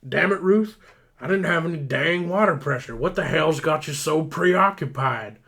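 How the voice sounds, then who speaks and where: A man voicing a gruff forty-year-old male firefighter who yells and swears in exasperation at a coworker. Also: fairly high pitch, steady tone, normal speed. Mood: exasperated. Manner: yelling, profane, exasperated.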